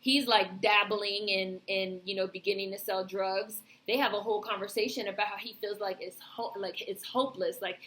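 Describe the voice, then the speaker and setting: A woman's voice: mid-range voice, steady tone, normal speed, few pauses, a bit bright. A woman vlogger giving a casual, rambling film review, heavy on fillers and swearing.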